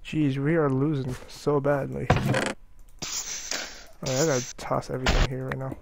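A man's voice: medium pitch, level tone, moderate pace, creaky. A man commenting on his own gameplay, often frustrated and exclaiming, with mild cursing. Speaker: gamer. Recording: loud background noise with clicks.

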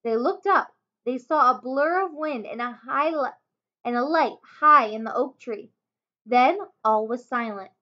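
A woman teacher reading a children's chapter book aloud, expressive, with small slips and self-corrections. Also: sits high, measured pace. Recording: dull lo-fi home recording.

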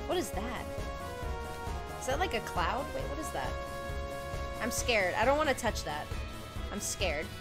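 With game music playing under her medium-pitched voice, a young adult woman provides casual live gameplay commentary, chatting with viewers, giggling, and reading game dialogue aloud.

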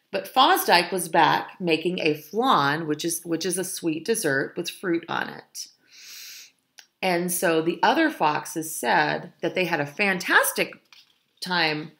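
A woman reading a picture book aloud to children, pausing to explain words in simple terms. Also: lowish voice. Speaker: children's storyteller.

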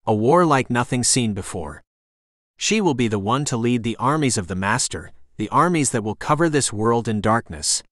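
A man's voice: mid-range voice, animated, normal speed, a bit bright, no room sound, clean studio sound, close to an everyday voice. A man voicing a cruel, mocking male demon king who taunts his captors in an audiobook. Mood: menacing taunt. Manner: taunting, cackling menace.

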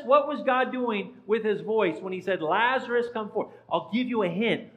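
High-voiced man quizzing a congregation. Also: normal speed, hardly any pauses, fairly bright tone, poor audio. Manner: playful, quizzing listeners by name. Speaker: pastor. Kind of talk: interactive sermon with questions to the congregation. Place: church sanctuary.

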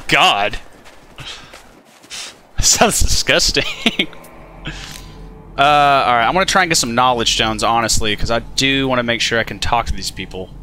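A man giving casual let's play commentary on a game, chatty and animated, swearing and talking to the creatures on screen. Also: mid-range voice, a little hiss or hum. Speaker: gaming channel host.

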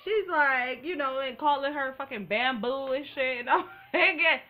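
Woman host, bright and animated, slangy recap chat. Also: high-pitched, moderate pace. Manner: animated and profane, full of slang. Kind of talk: casual recap commentary.

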